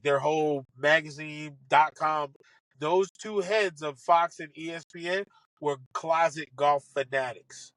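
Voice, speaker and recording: Lively comic man telling stories, bright tone. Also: a little high, dry recording, low-quality recording. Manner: animated, excitable, acts out quoted lines. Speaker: podcast guest, comedian and golf broadcaster. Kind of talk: casual comic storytelling.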